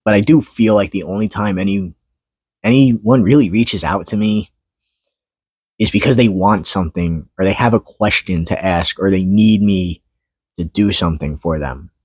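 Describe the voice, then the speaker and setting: A man talking unscripted to his camera, weary and halting, pausing to collect his thoughts and swearing when frustrated. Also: low-pitched, a little mellow, slightly rough, no echo. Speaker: vlogger. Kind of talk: unscripted personal monologue to camera. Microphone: camera mic.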